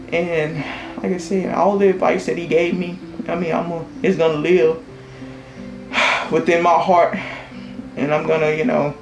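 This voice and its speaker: A man giving a halting, emotional memorial tribute to a coworker, sighing between phrases. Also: sits high, creaky. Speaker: UPS driver and coworker. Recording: roomy echo with music behind.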